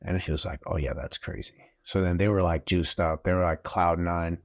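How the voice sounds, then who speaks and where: A man, a father and guest on a podcast, telling a story in a casual, animated way and acting out what people said. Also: sits low, normal speed. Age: adult father of school-age kids. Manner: animated, acts out quotes in the story.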